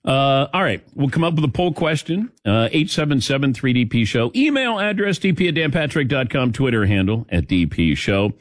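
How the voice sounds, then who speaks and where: Lively chatty male sports radio host. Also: medium pitch, normal speed, hardly any pauses, no room sound, studio quality. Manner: chatty, storytelling, laughs often. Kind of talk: casual sports talk. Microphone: studio mic.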